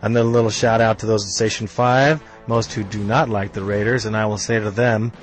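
A man's voice: on the low side, steady tone, fairly quick. Fired-up profane male fan podcaster. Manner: fired-up, blunt and profane, stumbles over words. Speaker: podcast host.

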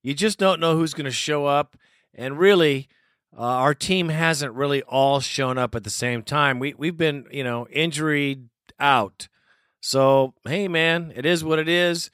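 A man's voice: fairly high pitch, measured pace, a bit bright, clean tone, no echo, studio quality. A man hosting a fan talk show, laid-back, laughing now and then as he introduces callers. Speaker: radio show host. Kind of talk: casual radio talk.

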